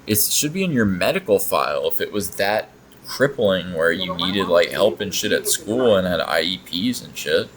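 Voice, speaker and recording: A man's voice: deep voice, lively intonation, normal speed, fairly bright tone, a little hiss or hum, low-quality recording. A man hosting a reaction video, talking casually in a blunt, sarcastic way and swearing often.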